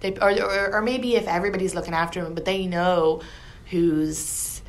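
Chatty Irish woman, lowish voice. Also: steady tone, moderate pace. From Ireland. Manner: chatty, self-mocking, trails off and restarts. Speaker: comedian, show host. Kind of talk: casual chat.

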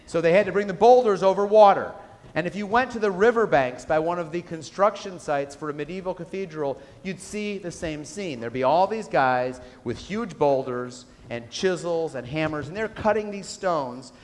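Man, keynote speaker, fairly high voice, storytelling, long hall reverb. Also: normal speed. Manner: storytelling, asks the audience questions. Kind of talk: business keynote speech. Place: lecture hall with audience.

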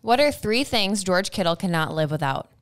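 Playful, teasing woman with a smooth voice. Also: mid-range voice, expressive, moderate pace, dry recording. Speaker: podcast co-host. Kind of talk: casual chat.

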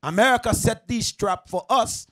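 A man's voice: sits high, moderate pace, a bit bright. A man giving casual sermon talk to a class, speaking plainly and asking his listeners questions.

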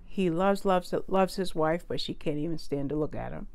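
A woman's voice: sits low, normal speed, darkish tone. A woman giving a casual spoken book review, chatty and prone to correcting herself and wandering into asides.

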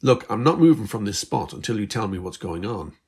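A man voicing a stubborn, curious teenage girl who keeps asking questions, in a husky voice. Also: lowish voice, animated, brisk, darkish tone. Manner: pushy, questioning.

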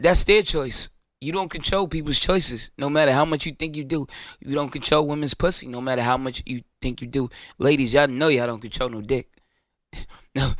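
A man's voice: a little high, a bit bright, no echo, clean studio sound. A man, hosting his show in a blunt, profane, joking monologue. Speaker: show host. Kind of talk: casual monologue.

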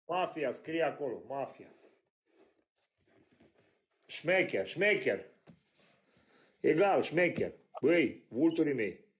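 A Romanian man with a Romanian accent on a video call, pushing through broken English by repeating single words over and over. His voice sits a little high for a man. The sound has the plain pickup of a video call. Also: big pitch swings, slow, long pauses, slight background noise. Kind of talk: casual video chat.

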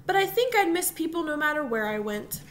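A woman's voice: high-pitched, big pitch swings, brisk, a bit bright, slight background noise, voice pushed up. A woman reading the part of a thoughtful young boy, careful and earnest in a storybook.

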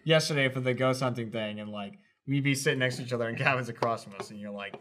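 A man's voice: medium pitch, fast, fairly bright tone. A man co-hosting a podcast, rambling through stories and giggling often. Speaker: podcast co-host. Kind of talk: casual chat.

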